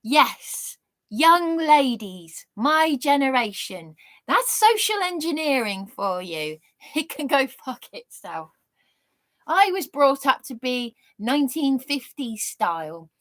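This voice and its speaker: A woman's voice: high-pitched, big pitch swings, slow pace, fairly bright tone, no room sound. A woman in her thirties giving an indignant, sweary, sarcastic rant on a livestream. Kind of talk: angry monologue on a livestream.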